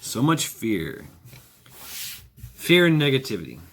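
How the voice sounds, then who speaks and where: A man's voice: mid-range voice, very animated, slow, a bit bright. A man talking in a casual, rambling monologue, sardonic and profane, chuckling often. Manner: wry. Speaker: vlogger.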